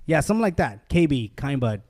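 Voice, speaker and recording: A man's voice: medium pitch, big pitch swings, brisk, darkish tone. A young man hosting a podcast, telling a story in casual chat, swearing freely and acting out other people's lines. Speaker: podcast host.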